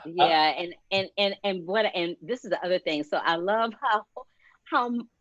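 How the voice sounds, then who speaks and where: Sassy woman on a soap recap panel, kinda low voice, dry close sound, bit dull and lo-fi. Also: normal speed, fairly bright tone, no echo. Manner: sassy, blunt slangy talk. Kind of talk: casual chat.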